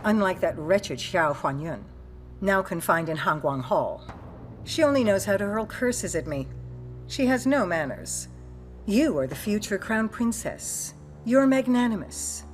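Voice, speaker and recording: An actress in an English dub playing a scheming palace noblewoman who threatens with condescending calm. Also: mid-range voice, unhurried, soft background music, close to an everyday voice. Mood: silky threat. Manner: silky, condescending. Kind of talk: English dub of a period drama.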